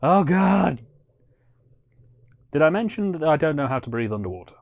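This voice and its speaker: A young man chats his way through a film commentary, cracking jokes and laughing along. His voice sits a bit high and swings all over the place as he talks. He sounds casual and playful from start to finish. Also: sing-song, moderate pace, gravelly, no room sound. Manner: playful, jokey, breaks into laughter.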